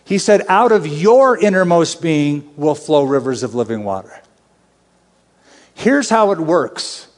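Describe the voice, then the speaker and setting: A man with a fairly high voice preaches through scripture in a relaxed, conversational manner, then pushes into urgent, emphatic appeals. His voice rings out with the long reverb of a large hall. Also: measured pace. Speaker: Bible teacher. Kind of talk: expository sermon.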